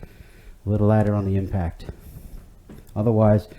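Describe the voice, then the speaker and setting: A man's voice: fairly low pitch, little pitch movement, unhurried, dull audio, slight background noise. A man leading a home workout class, talking in an easygoing, chatty way with many fillers and restarts. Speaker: fitness instructor. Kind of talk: guided workout instruction.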